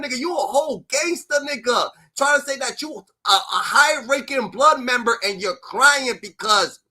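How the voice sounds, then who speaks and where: Ranting heatedly about a rapper, this New York-accented male streamer swears freely and keeps dropping "da, da, da" fillers into his reaction. His pitch is extremely high, and the voice is pushed, bright, and slightly rough.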